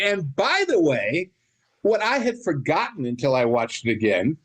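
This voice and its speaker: A man co-hosting a podcast, chatting casually about films in long, rambling anecdotes full of asides. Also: high-pitched. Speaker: podcast co-host. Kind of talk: casual film discussion.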